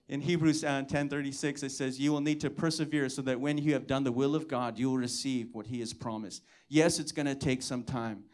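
A man preaching to his church, telling a personal testimony and acting out the dialogue in it, with repeated calls of "come on". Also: on the high side. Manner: storytelling, acts out dialogue, exhorts with "come on". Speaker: pastor.

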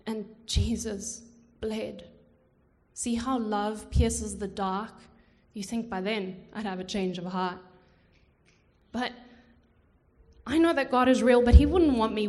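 A woman performing spoken word poetry in church, slow and measured, with dramatic pauses. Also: medium pitch. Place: church hall. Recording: hall reverb.

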